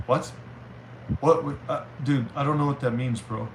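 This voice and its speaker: A man streaming live, chatting casually and reading viewer messages aloud with halting restarts. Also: medium pitch, steady tone. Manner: rambling, reads chat aloud, halting restarts. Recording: roomy with faint noise.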